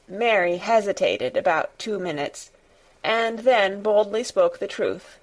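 Slow, calm woman narrating a storybook. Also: mid-range voice. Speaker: audiobook reader. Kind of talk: scripted narration.

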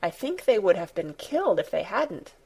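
A woman's voice: medium pitch, sing-song, moderate pace, vocal fry, darkish tone, slightly rough, full character voice. A woman voicing a young girl who speaks in a direct, matter-of-fact way. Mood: earnest. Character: plain-spoken young girl, blunt and curious.

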